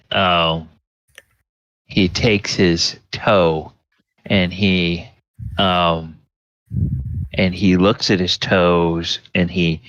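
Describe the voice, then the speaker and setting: A man narrating a tabletop game as dungeon master, halting and full of filler words. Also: low voice, fairly bright tone, clear, resonant tone, no room sound. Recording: dull lo-fi sound.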